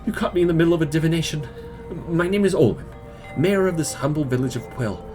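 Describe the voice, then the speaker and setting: A man voicing an excitable woman who is mayor of a village in a video game, lurching from frantic yelling to prim, overly polite chatter. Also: fairly high pitch, fast, music in the background, voice pushed up, close to an everyday voice. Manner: frantic shouting, then prim and overly courteous.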